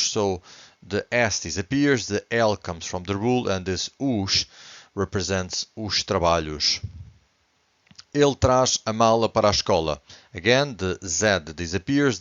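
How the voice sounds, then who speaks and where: A man's voice: fairly low pitch, clear, resonant tone, dry recording, highs cut off. A man teaching a language lesson, explaining grammar rules step by step in a patient way that repeats points and checks in often with the learners.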